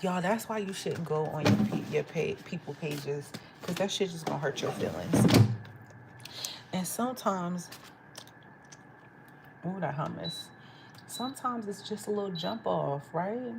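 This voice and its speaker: Woman vlogger, low and gravelly, animated storyteller who acts out quotes and laughs often. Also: a little slow, long pauses, heavy background noise. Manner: laughs often while talking. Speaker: livestream vlogger. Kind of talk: casual storytelling chat. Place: at home, eating.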